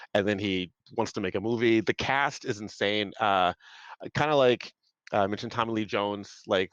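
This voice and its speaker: A man's voice: on the low side, a bit bright, dry recording, dull audio. A man on a panel, rambling enthusiastically about movies in casual chat, full of fillers, over a video call.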